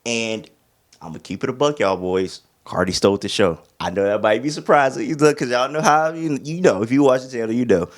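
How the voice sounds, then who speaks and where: A man's voice: medium pitch, a little fast. A young man giving a casual, slang-heavy album review, often breaking into humming and rapper imitations. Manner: animated, slangy, hums beats and imitates rappers. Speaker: music reviewer.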